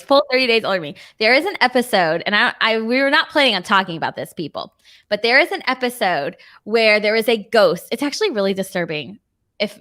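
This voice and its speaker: A woman's voice: mid-range voice, fairly bright tone. A woman in her thirties co-hosting a podcast, chatting casually, teasing and laughing often. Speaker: podcast co-host. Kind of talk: casual chat.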